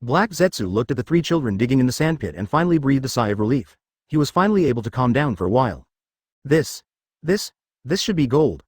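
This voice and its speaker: A man narrating a web-novel audiobook in a steady read-aloud manner. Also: mid-range voice, quick pace, dry recording, clean studio sound.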